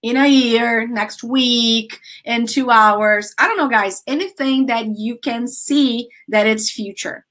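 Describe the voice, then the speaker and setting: A Brazilian-accented woman teaches English grammar, native Portuguese coloring her vowels. Her voice sits fairly high and she takes her time, laughing easily as she has the class repeat after her. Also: takes it slowly, few pauses. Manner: lively, laughs often, drills students with repeat-after-me sentences. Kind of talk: online grammar lesson.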